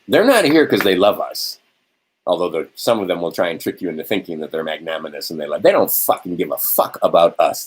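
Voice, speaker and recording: A man's voice: on the low side, husky, poor audio. A middle-aged man hosting a show, giving a profane spiritual rant, swearing often and checking in with a rhetorical "right?" after each point. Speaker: host.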